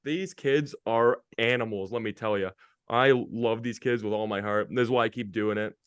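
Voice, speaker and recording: Guy rattling off hockey-talk style stories, pretty low voice, super dry sound. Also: normal speed, clear, resonant tone, no room sound. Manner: energetic, slangy storytelling. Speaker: guest, hockey media interviewer. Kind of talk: casual podcast chat.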